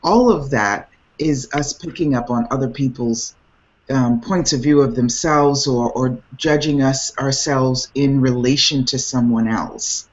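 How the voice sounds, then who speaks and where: A woman hosting a casual group video chat, animated and laughing often, with many restarts. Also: rumbling low, measured pace, lo-fi sound. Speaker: host. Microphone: video call.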